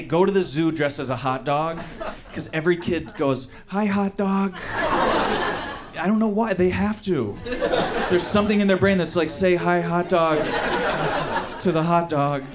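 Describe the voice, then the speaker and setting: A man doing a stand-up comedy set, telling a story in an animated way and acting out the people in it. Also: fairly high pitch, very noisy. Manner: animated storytelling with acted-out quotes. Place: comedy show with live audience.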